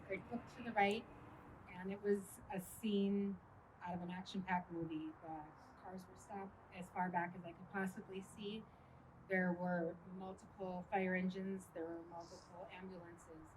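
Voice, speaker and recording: A middle-aged woman speaking at a memorial, recounting a personal loss haltingly with many pauses and fillers. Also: fairly low pitch, distant mic, noisy background. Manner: halting, with frequent ums. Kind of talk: personal testimony speech.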